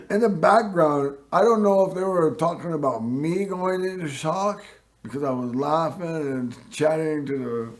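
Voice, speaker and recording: A man hosting a local TV show, telling a personal story in a rambling way and often clearing his throat. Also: on the high side. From Northern California. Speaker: host.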